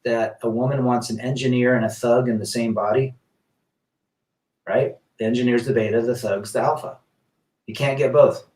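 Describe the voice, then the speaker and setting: A man's voice: medium pitch, steady tone, moderate pace, a little mellow, reverberant, recorded from a distance. A man hosting a casual live stream, reading viewer comments aloud and answering in a rambling, blunt way with many restarts.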